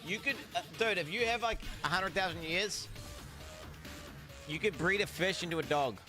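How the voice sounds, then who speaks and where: With music playing behind him, a young male streamer in a high voice reacts to videos at a moderate pace, rambling casually, swearing often, and staying animated throughout.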